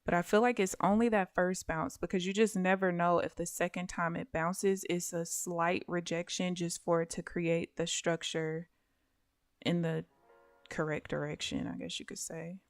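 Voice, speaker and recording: A woman giving casual live commentary on her own day trading, thinking aloud and often dropping to soft mutters. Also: lowish voice, little pitch movement, moderate pace, no room sound. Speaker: day trader streaming live.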